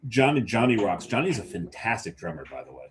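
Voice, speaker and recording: A man's voice: on the low side, sing-song, quick pace, a loud crowd. A man co-hosting a podcast, tossing in teasing jokes during casual banter. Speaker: podcast co-host. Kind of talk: casual chat.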